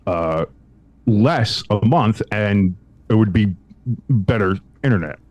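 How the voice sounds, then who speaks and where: A man's voice: slow, dry recording, muffled recording. A man co-hosting a sports podcast, casually telling a long story with profanity and acting out the quoted lines. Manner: animated, acts out quotes with big pitch jumps; profane, frequent restarts. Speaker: podcast co-host.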